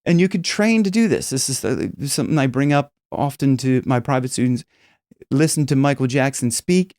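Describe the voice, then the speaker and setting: A male vocal coach explains in a loose, rambling monologue, often restarting his sentences. His voice sits at a middle pitch. The sound is dry and close. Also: animated, moderate pace, darkish tone, no echo. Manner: rambling with many restarts and demonstrations. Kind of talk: casual teaching monologue.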